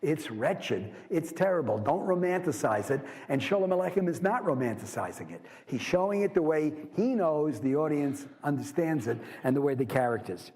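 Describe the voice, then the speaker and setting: A man teaches a literature class in a conversational, explanatory way, reading passages aloud and wandering into asides. His voice sits high. A long reverb from the lecture hall carries after his words. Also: sing-song, normal speed, hardly any pauses, a little mellow, slightly rough. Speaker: literature instructor.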